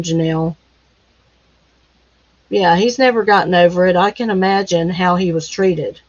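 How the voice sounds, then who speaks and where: A woman minister hosting a casual live chat. She answers viewer comments in a gentle, consoling way, with many pauses and fillers. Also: on the low side. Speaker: minister and live-stream host. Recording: dull lo-fi sound.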